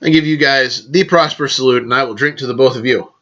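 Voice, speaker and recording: A man's voice: medium pitch, fast talker, fairly bright tone, lo-fi sound. A man hosting a casual vlog, rambling along, correcting himself and raising toasts to his listeners. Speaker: podcast host.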